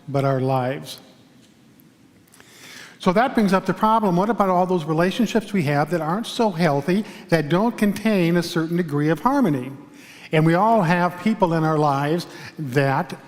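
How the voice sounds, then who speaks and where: A male pastor giving a sermon in a church, telling a story in a calm, measured way with pauses. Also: on the high side, long reverb tail. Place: large church sanctuary.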